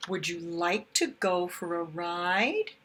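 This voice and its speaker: A woman's voice: animated, takes it slowly, a bit bright, full character voice. A woman voicing a friendly, chatty farm horse who neighs a greeting for a storybook retelling. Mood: cheerful. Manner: neighing greeting, high cheerful voice.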